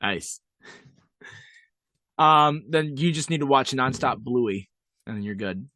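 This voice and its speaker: A man's voice: medium pitch, lively intonation, slow pace, pushed and bright, dry recording. A man co-hosting a podcast in casual chat, with a dry, joking manner. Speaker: podcast co-host.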